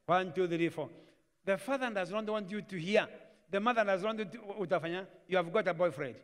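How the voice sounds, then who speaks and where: High-voiced Kenyan man preaching, code-switches into Swahili and plays out family scenes, reverberant church live stream. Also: fairly quick. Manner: mixes Swahili into English, acts out family dialogues. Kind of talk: sermon. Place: church hall.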